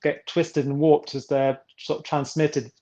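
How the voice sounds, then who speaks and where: A man's voice: a little high, level tone, measured pace, warm tone, muffled recording. A middle-aged man from England, a guest author speaking casually in a rambling way, with many restarts and fillers. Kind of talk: casual interview chat.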